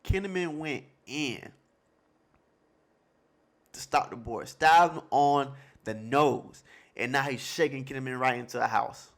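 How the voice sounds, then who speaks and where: A man of medium pitch hosts a live manga reaction, reading the panels aloud. He talks in a hyped, slangy way and keeps repeating the lines that excite him. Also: unhurried, creaky, long pauses. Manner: loose slangy casual talk. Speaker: manga reaction channel host.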